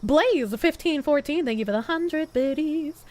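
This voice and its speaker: A young woman streaming live, chatting casually and thanking viewers, swinging from loud high squeals to low mutters. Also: expressive, a little slow. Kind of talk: casual live-stream chat reading donations.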